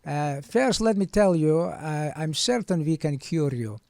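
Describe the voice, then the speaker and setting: A man's voice: a little high, animated, unhurried, gravelly, dark tone, dry recording, studio quality, voice pushed up. A man voicing a formal male doctor with a Russian accent who sounds like a Bond villain, courtly and ominous. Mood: ominous charm.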